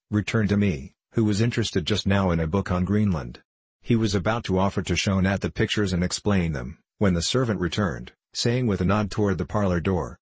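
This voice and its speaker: A man reading a classic children's story aloud in a steady, measured way. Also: sits low, slightly rough, no echo. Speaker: narrator. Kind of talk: audiobook narration.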